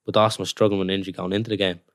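Low-voiced footballer, rambling. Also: male voice, little pitch movement, racing, no echo, clean studio sound. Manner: rambling storytelling with many "like"s. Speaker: professional footballer. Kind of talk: casual podcast chat.

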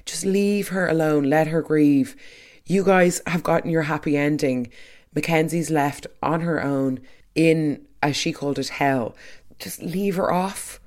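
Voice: mid-range voice, measured pace, darkish tone. A speaker giving an opinionated, chatty recap of a soap episode, trailing off into asides.

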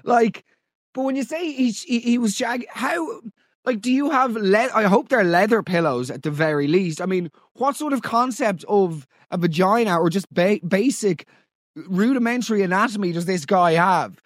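An Irish man hosting a podcast, mocking listener stories in comic commentary with big theatrical swings in pitch. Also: lively intonation, normal speed, no room sound, studio quality. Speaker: podcast host.

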